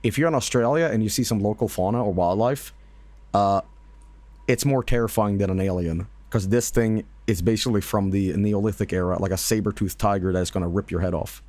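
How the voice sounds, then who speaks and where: A man's voice: on the low side, a little fast, darkish tone, dry recording. A man streaming and reacting to videos in casual commentary, rambling with fillers, laughing and swearing.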